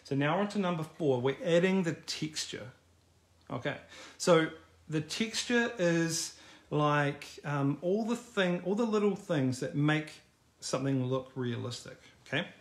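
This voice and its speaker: A man's voice: on the high side, expressive, measured pace. A middle-aged man teaching a live online drawing class in a casual, encouraging, chatty way. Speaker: art teacher.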